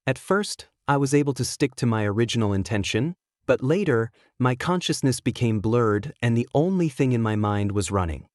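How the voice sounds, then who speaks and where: A man reads a first-person romance story aloud in a steady, scripted narration. His voice sits in an ordinary middle register. The recording is dry and close, with no room sound. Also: mid-range voice, moderate pace, hardly any pauses, no echo.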